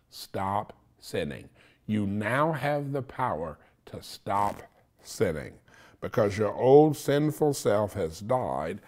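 A man's voice: fairly low pitch, a little mellow. A man preaching a sermon, teaching in short repeated phrases and checking in with "okay?". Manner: repetitive, insistent teaching with frequent "okay?" check-ins.

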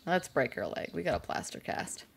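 A woman's voice: low-pitched, big pitch swings, moderate pace, vocal fry, a little hiss or hum. A woman chatting casually and joking crudely with her chat while she streams a game. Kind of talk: casual live-stream commentary.

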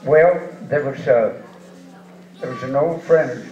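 During an onstage interview, an octogenarian rodeo hall of fame inductee from eastern Washington takes his time telling folksy, chuckle-filled, meandering rodeo stories. His mid-range voice is a little mellow. The sound is distant and dull, with hall echo.

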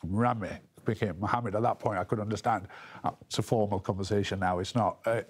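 A man giving an emotional news interview, talking haltingly with many restarts and repeated words. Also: lowish voice, steady tone, husky. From England.

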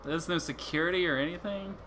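A man's voice: a little high, fast talker, pushed and bright, a little hiss or hum. A man giving casual, joking let's-play commentary, swearing often and restarting his sentences. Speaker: gamer playing through a game.

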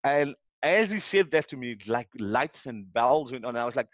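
A man with a South African accent telling an animated story. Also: mid-range voice, normal speed, few pauses, dry recording, muffled recording. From Cape Town, South Africa. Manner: animated, acts out what people said. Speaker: podcast guest. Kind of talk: casual storytelling.

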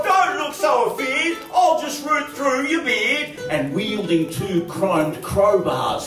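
Aussie guy doing a comic recitation on stage, distant mic, music around. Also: sits high. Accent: Australian. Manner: lively, theatrical, chuckling asides. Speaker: folk club performer. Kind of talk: live comic bush poem recitation. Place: large hall, live concert. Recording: echoey hall, from far off, music.

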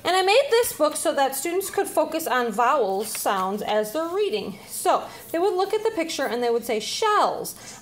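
A woman teacher casually demonstrating reading activities, slightly out of breath, pausing often with "um". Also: sits high. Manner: chatty, with frequent "um" pauses while handling letters.

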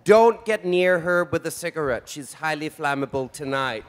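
A man's voice: fairly high pitch, lively intonation, moderate pace, clear, resonant tone. A man in his forties hosting a live event as a drag queen, with flamboyant, theatrical camp banter on stage. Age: 40s. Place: event stage before an audience.

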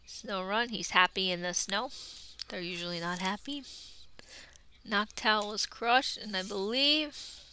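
Woman, casual vlog, chatty, murmuring then squealing, bright voice, mid pitch. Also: measured pace, pauses often, clean tone. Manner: chatty, murmurs to herself, bursts into excited squeals. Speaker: YouTube creator. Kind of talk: casual card-opening vlog.

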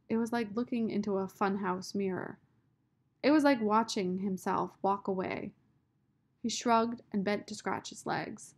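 Narrator: woman, unhurried and measured, reading a children's book aloud. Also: mid-range voice, darkish tone. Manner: slow, measured storytelling. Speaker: audiobook narrator.

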